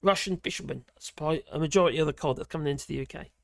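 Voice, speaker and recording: A man's voice: a little high, rapid-fire, gravelly, no echo, clean studio sound. A man from Norfolk with a Norfolk accent, hosting a casual livestream chat, rambling with many fillers, chuckles and exclamations. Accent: Norfolk English. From Norfolk, England. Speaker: livestream host.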